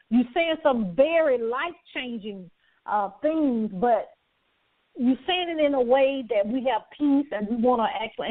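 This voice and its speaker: Woman host, high and effusive, motivational patter; dry, phone-like audio. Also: no echo. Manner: effusive, repetitive, laughs often. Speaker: talk show host. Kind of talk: enthusiastic broadcast talk.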